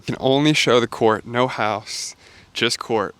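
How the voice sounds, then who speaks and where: A man's voice: mid-range voice, slow pace, heavy background noise. A man hosting a casual travel vlog, talking in an upbeat, self-deprecating and jokey way. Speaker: host.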